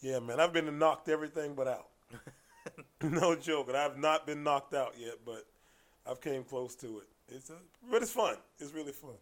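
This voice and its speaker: A man telling stories in casual conversation as a podcast guest, animated, dropping into hushed asides and then loud bursts. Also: fairly high pitch, moderate pace.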